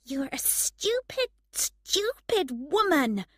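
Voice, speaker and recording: Woman doing a proud young woman, sharp-tongued, high and emphatic, storybook reading. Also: big pitch swings, measured pace, dry recording, clean studio sound. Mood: angry.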